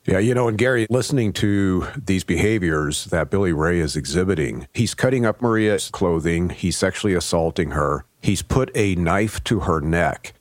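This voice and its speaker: A man with a low voice co-hosts a podcast, laying out warning signs in an analytical, explanatory tone. Close, dry recording. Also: lively intonation, normal speed, few pauses, no echo. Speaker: podcast co-host, investigator. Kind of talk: podcast discussion.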